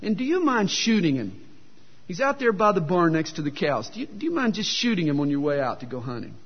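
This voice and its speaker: A man voicing a friendly old male farmer who flatters a visiting pastor in a joke, speaking softly and low, heard in a dull, echoey hall. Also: a little fast, slightly rough, full character voice. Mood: gushing. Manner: warm, flattering, eager to please.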